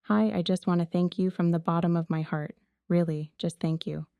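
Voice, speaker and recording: A woman's voice: lowish voice, little pitch movement, moderate pace, highs cut off, slight background noise. A woman from Montreal speaking from the floor at a Q&A, heartfelt and emphatic. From Montreal, Canada. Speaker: audience member at a Q&A. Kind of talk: public comment from the floor. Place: museum auditorium.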